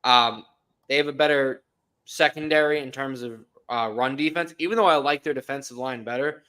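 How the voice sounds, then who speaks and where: A man co-hosting a casual sports podcast, loud and jokey, swearing freely as he gives his picks. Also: mid-range voice, moderate pace, clear, resonant tone. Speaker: podcast co-host.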